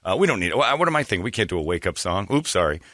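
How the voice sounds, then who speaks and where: A man's voice: low voice, very animated, racing, fairly bright tone, no echo, studio quality. A middle-aged man hosting a morning radio show, rambling through stories with crude jokes. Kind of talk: casual morning radio banter.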